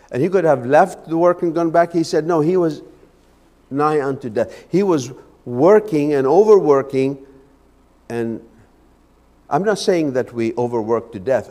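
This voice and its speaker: A man's voice: medium pitch, darkish tone. A man preaching a Sunday evening sermon in a church, fervent and often repeating his words as he goes. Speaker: lay preacher. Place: church sanctuary. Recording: echoey church hall.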